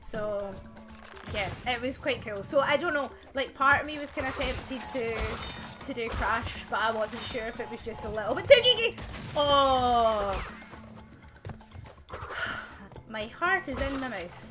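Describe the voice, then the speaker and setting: A woman with a slightly high voice talks her way through a video game, rambling and chatty, full of fillers like "um" and "like". Clear game music plays behind her. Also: lively intonation, normal speed. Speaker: let's play gamer. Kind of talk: casual gameplay chatter.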